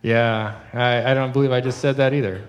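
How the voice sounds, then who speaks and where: A man's voice: mid-range voice, fairly even intonation, brisk, big-room sound. A man and musician guest, chatting in an easygoing way, often repeating words as he starts. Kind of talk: casual chat.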